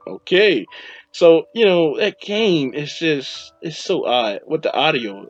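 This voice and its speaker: A man's voice: a little high, big pitch swings, takes it slowly. A man hosting a podcast, rambling casually through a game review and acting out his own reactions. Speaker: podcast host. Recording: dull lo-fi recording with faint music.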